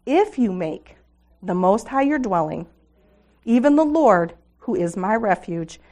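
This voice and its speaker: A middle-aged woman with a fairly high, slightly mellow voice addresses a women's gathering. She reads scripture aloud with earnest devotion and laughs along with her audience.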